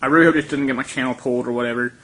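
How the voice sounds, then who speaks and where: A man's voice: medium pitch, steady tone, very fast, sharp tone. A young man in a played clip of his own rant video, rambling crudely and offhand.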